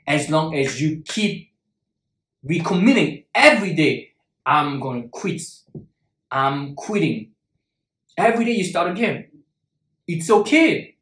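A man's voice: sits high, roomy sound, low-quality recording. A man giving a motivational self-help talk to viewers, earnest and repeating key words for emphasis.

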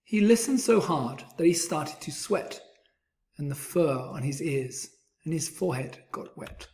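A man's voice: fairly high pitch, lively intonation, unhurried, gravelly, a little mellow. A man reading a children's rhyming story aloud in a rhythmic storybook delivery.

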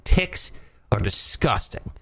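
A man's voice: slow pace, sharp tone. A man hosting a podcast, rambling and swearing in casual, joking banter. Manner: profane, rambling, jokey, big pitch jumps. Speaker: podcast host.

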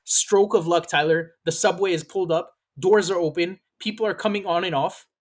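A man hosting a podcast, telling a story in casual chat, animated and swearing freely as he acts out what people said. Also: high voice, moderate pace. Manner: animated, profane, acts out quoted lines. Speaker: podcast host.

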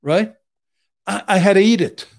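A man's voice: high voice, moderate pace, creaky, a little mellow. An older man, a criminal defense attorney, telling blunt, profane stories in casual chat and acting out what people said. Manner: profane, blunt, acts out quotes.

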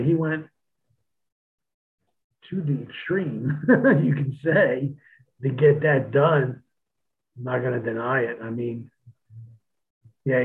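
A man swapping stories in a relaxed, profane chat, laughing easily as he goes. His voice sits at an ordinary middle pitch. The sound is thin and tinny, as if over a phone line. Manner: laid-back, profane, laughs often. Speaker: guest telling stories. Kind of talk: casual storytelling chat.

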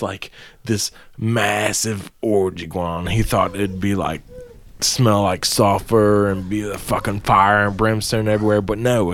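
A man's voice: lowish voice, a little hiss or hum. A young adult man co-hosting a podcast, telling a rambling, profane story with frequent laughter in casual chat. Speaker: podcast co-host.

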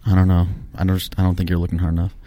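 A man's voice: deep voice, monotone, rapid-fire, mellow, dry recording. A man chatting casually as a podcast guest, telling rambling, easygoing stories. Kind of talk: casual chat.

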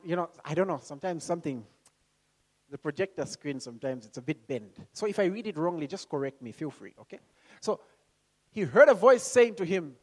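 This sermon comes from a man whose voice is on the high side. His delivery starts calm and slow and climbs to loud calls, with questions put to the congregation and voices acted out.

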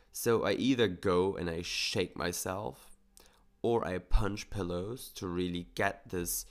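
Low gravelly man, calm coaching talk. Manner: calm, earnest, coaching tone with casual swearing. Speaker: podcast host. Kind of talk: reflective solo podcast talk.

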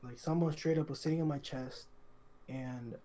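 A young man co-hosting a podcast, telling a story in casual chat, halting and repetitive, full of fillers and restarts. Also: medium pitch, steady tone, warm tone. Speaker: podcast co-host.

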